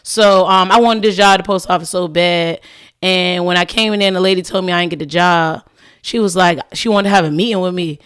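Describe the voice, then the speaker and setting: Animated woman telling stories casually. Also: on the low side, fairly quick, smooth. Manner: animated, acts out quoted dialogue, frequent "like". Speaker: podcast guest, cleaning business owner. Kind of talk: casual storytelling chat.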